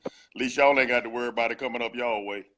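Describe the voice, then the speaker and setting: A man's voice: medium pitch, steady tone, rapid-fire, fairly bright tone, a little hiss or hum. A man with a North Florida Southern accent, chatting on an online call as guest co-host in a laid-back, teasing way with Southern slang. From Jacksonville, Florida. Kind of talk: casual chat.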